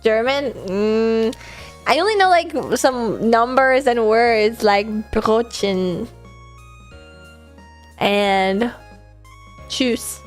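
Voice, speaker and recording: A high-voiced young American woman runs her livestream in loose, bubbly chatter. She laughs often and swears freely while answering chat, with soft music in the background. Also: lively intonation, slow pace. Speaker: livestream host. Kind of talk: casual stream chat, reading chat aloud.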